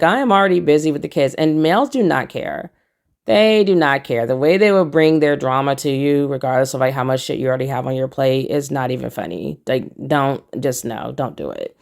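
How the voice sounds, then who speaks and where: A woman's voice: deep voice, vocal fry. A young woman giving casual, emphatic commentary as a vlogger, repeating herself for emphasis and talking straight to her viewers.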